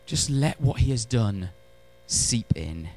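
A man delivers a church sermon with lively, dramatic swings between forceful emphasis and quiet, intimate moments. He drops dry, self-aware jokes to his congregation between scripture readings. His voice sits at an ordinary male pitch. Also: takes it slowly. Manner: animated preaching, swinging from loud to hushed, with wry asides. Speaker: pastor.

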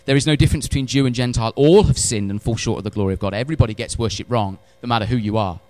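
A man delivers a church sermon with lively, dramatic swings between forceful emphasis and quiet, intimate moments. He drops dry, self-aware jokes to his congregation between scripture readings. His voice sits at an ordinary male pitch. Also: rapid-fire, dry recording. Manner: animated preaching, swinging from loud to hushed, with wry asides. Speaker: pastor.

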